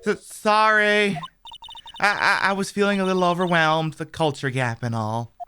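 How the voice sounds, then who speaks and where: A woman voicing a timid young woman sidekick who speaks in a shy, halting way. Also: fairly low pitch, fairly even intonation, pushed and bright, soft background music, voice pushed down.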